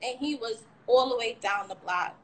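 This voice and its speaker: Speaking at a moderate pace in a slightly high voice, a young shooting survivor rambles candidly through her terrifying experience on a livestream, swearing now and then. The audio is low quality with a faint hiss or hum.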